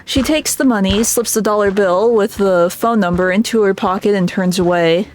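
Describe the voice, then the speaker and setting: At a moderate pace and in a mid-range voice, a woman streamer narrates a game's story, breaking off for laughs and chatty asides. A little hiss or hum sits under the recording.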